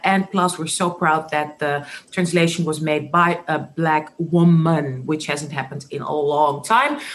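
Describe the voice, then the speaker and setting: A woman with a Dutch accent hosting a podcast, talking eagerly and chattily over a video call. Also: on the low side. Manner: excited, talkative. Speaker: podcast host. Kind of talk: podcast intro chat. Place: at home in the city.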